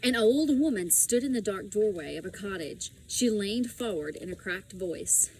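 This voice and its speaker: A woman reading a children's storybook aloud in a slow, expressive way. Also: mid-range voice, a little hiss or hum, poor audio. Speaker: audiobook reader.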